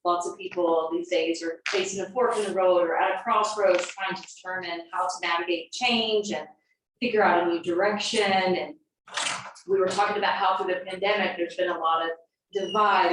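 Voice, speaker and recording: A woman's voice: on the low side, fairly even intonation, normal speed. A middle-aged woman, a yoga teacher, giving a chatty, meandering talk before class with frequent ums and uhs. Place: large yoga studio. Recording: echoey studio from a distance, faint noise.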